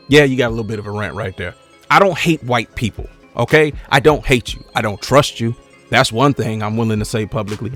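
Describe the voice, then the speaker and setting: A man's voice: mid-range voice, a bit bright. A man speaking in a mid-range voice, ranting bluntly and heatedly with plenty of profanity. He talks unscripted, like a commentary channel host. Faint music plays underneath.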